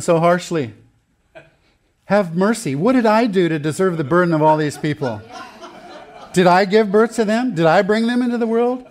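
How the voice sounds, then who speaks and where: A man voicing an exasperated aging prophet who complains to God in a whiny, pleading tone. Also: darkish tone. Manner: whiny, high-pitched complaining.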